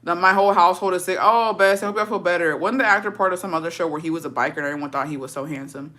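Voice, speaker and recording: Crisp bright-voiced woman streamer, cussing and cackling, slips into here and there. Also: lowish voice, racing. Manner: profane, laughing, slangy storytelling. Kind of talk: casual chat with live viewers.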